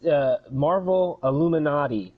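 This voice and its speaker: A man's voice: fairly high pitch, unhurried. Man chiming in, dull lo-fi sound. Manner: chiming in with short agreements. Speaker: podcast co-host. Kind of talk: casual podcast chat.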